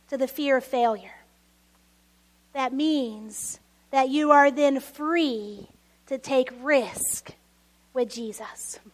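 A woman pastor preaching a sermon, conversational, with friendly asides and a hushed whisper on key lines. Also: sits high.

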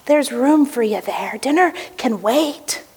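A woman's voice: high voice, lively intonation, slow, darkish tone. A woman pastor preaching a conversational sermon to her congregation, speaking from a church sanctuary. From United States. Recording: hall reverb, church sanctuary.

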